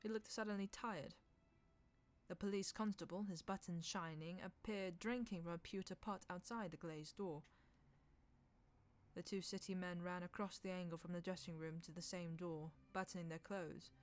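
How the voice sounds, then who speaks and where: Low-voiced woman reading a novel aloud. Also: fairly even intonation. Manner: measured, lightly dramatic narration.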